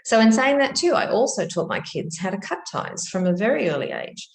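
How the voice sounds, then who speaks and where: A middle-aged woman teaching about spiritual practice in a gentle, earnest manner, telling stories with soft restarts. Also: medium pitch, very animated, fairly quick, creaky, roomy sound. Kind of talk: reflective spoken teaching.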